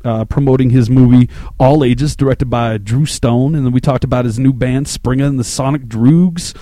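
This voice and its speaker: A man in his thirties from Louisiana, telling a story on his podcast in a rambling, excitable, profane way. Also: medium pitch, normal speed, no echo. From Shreveport, Louisiana, US. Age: 30s. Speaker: podcast host. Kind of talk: casual storytelling monologue.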